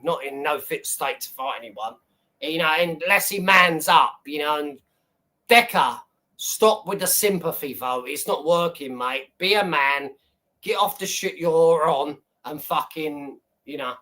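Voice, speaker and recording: A man's voice: a little high, a little slow, sharp tone. A man hosting a live stream, telling a rambling story in casual chat, swearing freely and laughing often. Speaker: livestream host.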